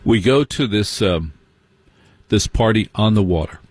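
A man telling a personal story as stand-up comedy, wry and mocking, slipping into quick impressions of other people. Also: fairly low pitch, animated, slightly rough, dry recording.

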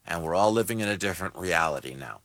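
A man's voice: low voice, animated, fast, a bit bright, no echo. A screenwriter in his sixties being interviewed on radio, telling stories in a wry, storytelling way. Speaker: screenwriter guest.

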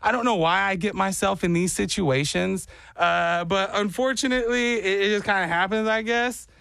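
Young guy, high light voice, loose self-mocking storyteller, dry close mic. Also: steady tone, moderate pace, creaky, pushed and bright, no echo. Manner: rambling and self-mocking, slips into put-on accents. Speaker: podcast co-host telling a story. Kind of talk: casual storytelling.

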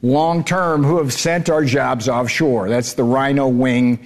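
A man's voice: medium pitch, fairly even intonation, a little slow. A man answering interview questions as a trade adviser, blunt and emphatic, often repeating words as he restarts.

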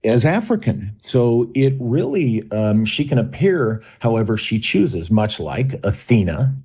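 A male guest author on a talk radio show, speaking haltingly with many restarts and fillers. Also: medium pitch, sing-song, mellow, slightly rough.

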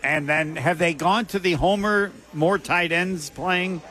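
A man's voice: high voice, measured pace, pushed and bright. A man co-hosting a casual sports talk show, asking questions and making wry asides. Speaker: co-host.

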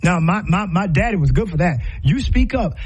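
A man's voice: sits high, expressive, fairly quick, slightly rough. A middle-aged man hosting a show, giving impassioned, preacher-like commentary full of rhetorical questions and repetition.

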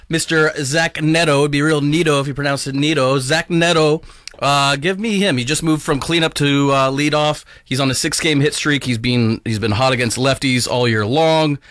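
A man in a studio pitching a baseball betting pick with playful puns. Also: a bit bright, no echo. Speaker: studio guest.

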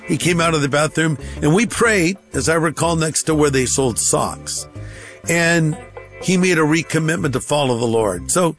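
Pastor, male, a touch high, spirited storyteller who voices the other characters, faint music under him. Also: moderate pace. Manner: lively storyteller acting out both sides of dialogue. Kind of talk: anecdote told on radio.

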